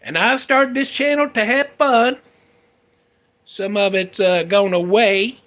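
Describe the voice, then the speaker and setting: A man's voice: high-pitched, takes it slowly, sharp tone. A man hosting a casual music talk show, rambling, mocking himself and losing his place. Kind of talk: casual chat.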